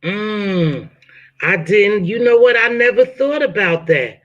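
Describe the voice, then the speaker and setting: A woman's voice: mid-range voice, animated, slow, highs cut off. A woman hosting a casual live-stream chat, asking a guest probing questions in a friendly way. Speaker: host interviewing a chat guest.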